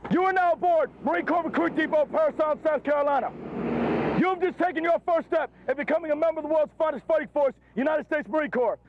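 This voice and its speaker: A man working as a drill instructor, shouting clipped orders at new recruits. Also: very high-pitched, fast talker, dull audio, slight background noise. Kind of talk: barked military commands.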